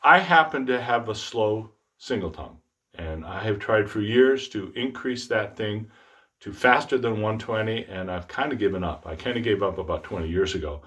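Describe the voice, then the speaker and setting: A middle-aged man teaching trombone tonguing in a relaxed, self-deprecating way, speaking out the articulation syllables as he explains them. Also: lowish voice, normal speed. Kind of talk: instructional demonstration.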